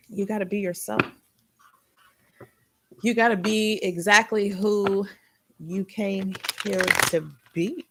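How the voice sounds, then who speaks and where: A young adult woman giving a casual spiritual tarot reading, blunt and animated, swearing freely as she talks. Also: medium pitch, slow, long pauses, background noise. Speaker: tarot reader.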